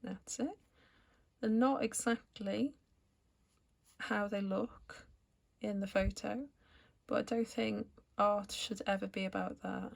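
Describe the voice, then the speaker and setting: A woman calmly explaining each step of a watercolour painting as she works, as an art tutor. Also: mid-range voice, takes it slowly, vocal fry, pauses often. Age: adult, returned to art after school years. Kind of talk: painting tutorial narration while working.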